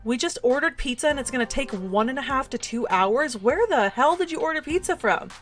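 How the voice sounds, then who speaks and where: A woman's voice: sits high, lively intonation, a little fast, a bit bright. Giggly young woman streaming a game. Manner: giggly and jokey, reads game text aloud. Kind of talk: live-streamed game commentary.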